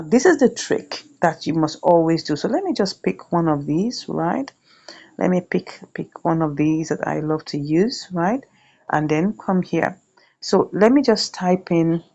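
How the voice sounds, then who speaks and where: Lower-voiced woman teaching casually. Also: darkish tone, highs cut off. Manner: chatty, repeats "right?" often. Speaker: YouTube tutorial host. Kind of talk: screen-share tutorial.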